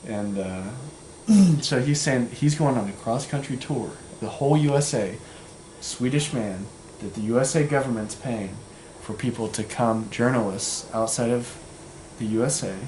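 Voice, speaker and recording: Speaking at a moderate pace and medium pitch, a young man relays a long, casual story, stuffed with fillers and performed quotes as he wanders along. There's echo in the room and heavy noise behind him.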